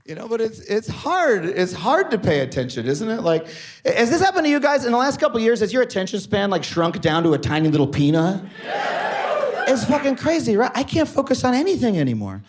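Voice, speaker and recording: A man's voice: fairly high pitch, moderate pace, background noise. A man performing a stand-up comedy set on a theater stage, telling stories with acted-out quotes. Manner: animated storytelling with acted-out quotes. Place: theater stage before a live audience. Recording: live audience laughter behind.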